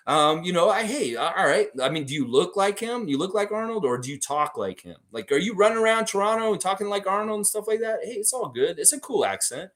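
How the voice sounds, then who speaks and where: A man in his forties from Florida, hosting a casual fan livestream, talking in an excitable, profane, rambling way. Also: high-pitched, brisk, few pauses. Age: 40s. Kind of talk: casual sports fan commentary.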